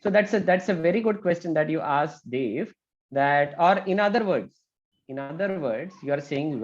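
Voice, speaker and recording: A man teaching an online math class, talking briskly and checking in with students with a frequent "okay?". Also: fairly high pitch, animated, lo-fi sound. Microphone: video call.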